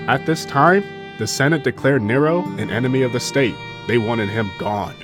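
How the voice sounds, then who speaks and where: A man's voice: mid-range voice, normal speed, hardly any pauses, over music. A young man giving a casual history commentary, blunt and sarcastic and given to swearing. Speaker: history YouTuber.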